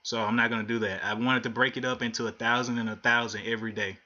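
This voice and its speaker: Man, bright voice, live trading commentary, thinking aloud, frustrated, dull lo-fi audio. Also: mid-range voice, level tone, fast talker. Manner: frustrated, thinking aloud while watching charts. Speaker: livestream day trader.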